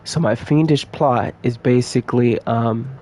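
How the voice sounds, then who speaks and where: A man's voice: medium pitch, a little slow, dark tone. A young man giving casual, playful commentary while playing a video game and talking to his viewers. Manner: chatty, playful, talks to viewers. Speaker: gameplay streamer.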